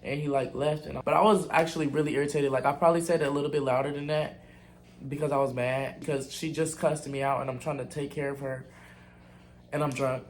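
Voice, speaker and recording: A man's voice: medium pitch, steady tone, fast talker, slight background noise. A young man telling a casual storytime to his viewers, candid, blunt and full of profanity. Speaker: vlogger.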